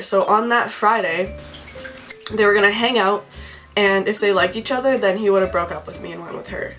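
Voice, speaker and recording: A woman's voice: mid-range voice, a bit bright. A young woman telling a personal story in a casual, emotional way, packing her sentences with "like.". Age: young adult. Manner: says "like" constantly, chatty and emotional. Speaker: vlogger.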